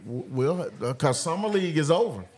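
A man hosts a sports podcast at a car show, chatting casually in a laid-back way with frequent laughter and drawn-out fillers. His voice is fairly high in pitch, animated, and a little mellow.

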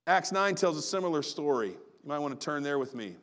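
A man's voice: fairly high pitch, expressive, brisk, a bit bright. A pastor preaching a sermon in a folksy, conversational way, acting out the quotes he reads.

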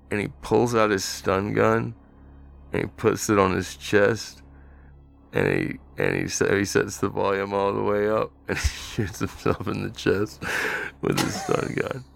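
A man's voice: low voice, a little slow, gravelly, fairly bright tone, soft background music. A man playing a tabletop role-playing game, describing his character's actions hesitantly, with many fillers. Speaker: player.

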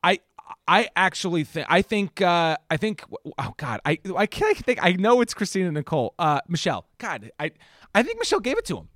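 Animated, swearing woman storyteller. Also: fairly low pitch, brisk, no room sound, clean studio sound. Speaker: podcast co-host. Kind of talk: casual film discussion.

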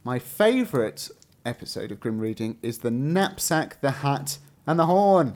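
A man's voice: medium pitch, big pitch swings, a little slow, darkish tone. A man with an English accent, co-hosting a podcast and reading listener messages aloud in casual, playful chat. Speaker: podcast co-host.

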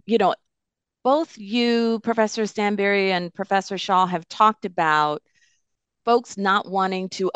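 Smooth-voiced woman host. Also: on the low side, no echo. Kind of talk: hosting a panel discussion.

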